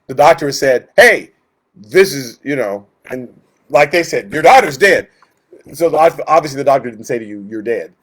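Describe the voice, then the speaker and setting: A man's voice: medium pitch, fairly quick. A man leading a Bible study, teaching in a conversational way, with lots of fillers, who acts out the voices in the stories he retells.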